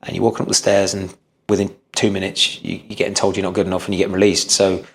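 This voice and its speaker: Podcast guest, man, 30s, lowish voice, earnest storyteller who restarts sentences. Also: little pitch movement, fast, vocal fry. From England. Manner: earnest, frequent restarts and repeated words. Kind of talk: storytelling interview.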